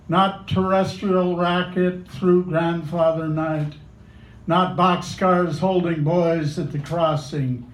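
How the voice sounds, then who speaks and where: Slow, deliberate man reading poetry. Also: fairly high pitch. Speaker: open mic poet. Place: small cafe. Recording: echoey cafe room.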